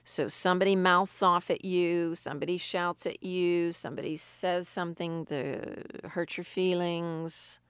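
A woman's voice: on the low side, fairly even intonation, a little slow, hardly any pauses, fairly bright tone, clean tone, no room sound, studio quality. A woman who grew up in Sicily, giving an earnest devotional talk and reading scripture aloud. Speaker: Christian speaker. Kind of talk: devotional teaching.

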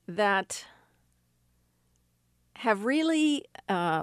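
A woman preacher giving a sermon, telling stories in an unhurried way with emphatic rises. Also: medium pitch, dry recording, studio quality.

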